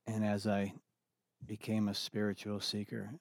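A middle-aged man speaking as an interview guest, earnest and reflective, often halting and restarting his sentences. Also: fairly low pitch, completely flat delivery, no room sound, studio quality. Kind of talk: candid personal conversation.

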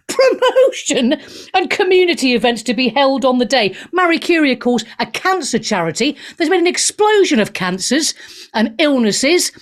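A middle-aged Welsh woman hosts a talk radio show, ranting into a studio mic in a sarcastic, profane and animated way. Her voice sits high.

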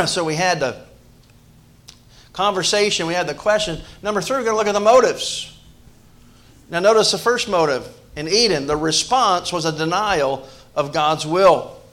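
Man, pastor preaching, high-pitched voice, loud bursts and hushed asides, repeats words. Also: animated, measured pace, long pauses. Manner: repeats words and restarts phrases. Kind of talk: sermon.

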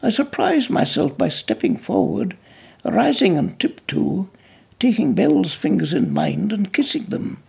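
Gravelly, husky audiobook narrator. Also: mid-range voice, very animated, darkish tone. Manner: measured storytelling with small slips and restarts. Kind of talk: novel narration.

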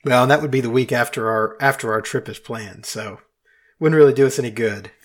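A man's voice: mid-range voice, a little fast. A man hosting a casual podcast chat, thinking aloud and hedging with frequent restarts. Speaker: podcast host.

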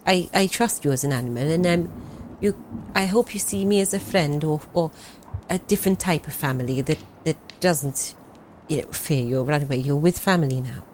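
A woman playing a kind, motherly woman adventurer who speaks gently and coaxingly, with little restarts. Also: sits low, fairly quick, a little hiss or hum, pitched below the performer's own voice, lightly acted, low-quality recording. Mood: tender.

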